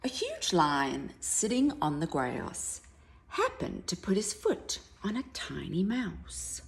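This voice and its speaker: A woman reads a picture book aloud to a young child, narrating slowly and often softening into a whisper. Her voice is lowish and gravelly. She swoops widely up and down as she tells the story. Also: huge pitch swings. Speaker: reader to a child.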